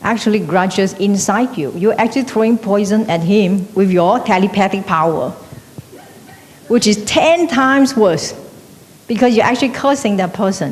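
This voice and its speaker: A woman's voice: normal speed, a little mellow. A woman teaching an evening class, lecturing conversationally and checking in with the class through frequent tag questions. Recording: echoey hall with faint rumble.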